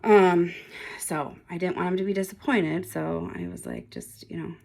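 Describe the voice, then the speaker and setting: A woman's voice: lowish voice, animated, moderate pace, vocal fry, a little mellow. A woman in her forties, a nail polish vlogger, rambling casually to camera with lots of ums and frequent laughs. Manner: rambling, chatty, laughs often, many ums.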